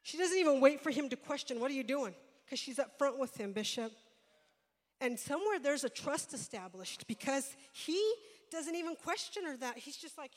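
A fairly high-voiced woman preaching a sermon, retelling a Bible story in a storytelling way that builds to loud, passionate preaching. Her voice rings through a church sanctuary with a long echo. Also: animated, normal speed.

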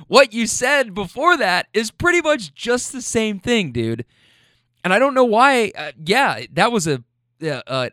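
A man's voice: on the high side, no room sound, studio quality. A man telling a story in a casual monologue, emphatic and profane, often checking in with "okay?". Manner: animated, profane, emphatic, keeps asking "okay?".

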